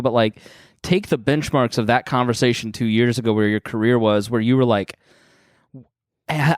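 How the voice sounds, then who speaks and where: A man's voice: medium pitch, dry recording, studio quality. A man co-hosting a podcast, talking in an earnest, encouraging way with lots of "like". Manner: earnest, encouraging, uses "like" a lot. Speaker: podcast co-host. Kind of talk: casual podcast chat.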